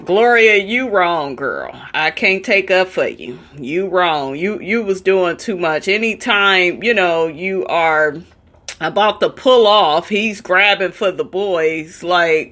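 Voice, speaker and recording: A woman's voice: on the low side, expressive, slow, fairly bright tone. A woman giving reaction commentary, sassy and slangy, speaking directly to the people in the story. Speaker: commentary vlogger.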